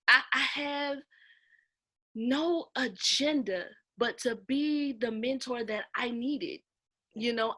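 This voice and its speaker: A woman's voice: high-pitched, pushed and bright. A middle-aged woman minister talking animatedly in an interview, laughing often and speaking with emphasis. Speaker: guest, minister and author. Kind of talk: casual interview conversation.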